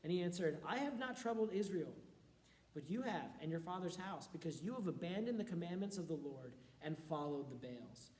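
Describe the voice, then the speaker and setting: A man, a youth pastor, reads a scripture passage aloud and breaks off now and then to explain it in a quick, offhand way. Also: a little high, animated, a little mellow. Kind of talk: scripture reading with casual commentary. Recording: roomy echo.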